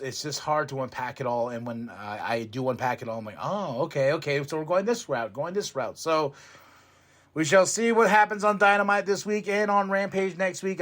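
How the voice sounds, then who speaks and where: A man hosting a podcast, reviewing a wrestling show in a rambling, excitable way, laughing often and swearing freely. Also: fairly high pitch. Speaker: podcast host.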